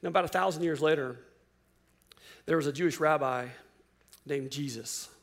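Male pastor, sermon, high voice, forceful bright tone, rhetorical questions, loud-to-hushed swings. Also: moderate pace.

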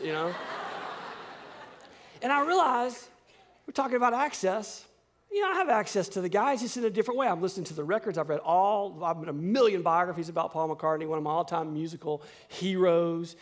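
A man in his fifties telling a story in a sermon, acting out the dialogue with rising excitement. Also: high voice, fairly quick. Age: 50s.

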